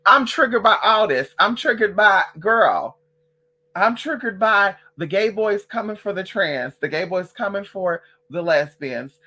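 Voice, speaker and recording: Sassy, profane vlogger with a bright voice. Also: medium pitch, animated, moderate pace, a little hiss or hum. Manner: sassy, profane, calls listeners girl and honey; emphatic, repeats phrases. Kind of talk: casual rant to camera.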